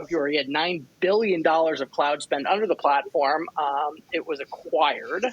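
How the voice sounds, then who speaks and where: A man's voice: a little high, fairly bright tone, dry recording, dull audio. A man hosting a podcast interview, loose and joking, with lots of fillers and restarts. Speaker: podcast host. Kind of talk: podcast interview, casual chat.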